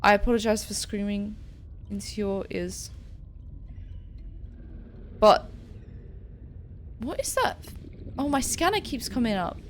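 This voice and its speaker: A young woman's animated, medium-pitched voice moves at a slow pace with long pauses as she streams a scary game over slight background noise. In her casual let's-play commentary she's jumpy, chats to the creatures, and screams when startled.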